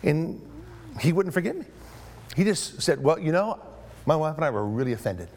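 A middle-aged male pastor tells a story in his sermon, playing both himself and the other man in a phone call. His voice sits a little high and rises and falls a great deal. When he gets excited he stumbles and repeats his words. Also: moderate pace, a little hiss or hum.

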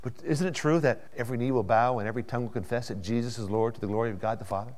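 A man preaching a sermon, building to loud peaks and dropping to hushed asides, often repeating words as he goes. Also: mid-range voice, animated, a little fast. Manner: dramatic, swings from hushed to loud climaxes. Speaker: pastor.

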